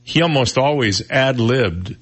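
A man's voice: medium pitch, expressive, a little slow, fairly bright tone, breathy edge. A man hosting a radio talk show, chatting casually and reading news items with his own asides.

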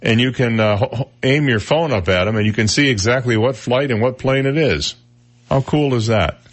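A man hosting a casual radio talk show, telling odd news stories with jokey asides. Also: mid-range voice. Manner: chatty storyteller, jokey asides, quick impressions. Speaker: radio host.

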